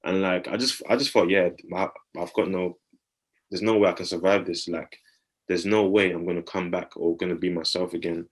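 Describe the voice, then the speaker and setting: A man in his thirties with a deep, low voice tells a personal story on a casual podcast. He talks in an earnest, reflective way. He keeps asking whether the listener follows him. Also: steady tone, normal speed. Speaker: podcast co-host.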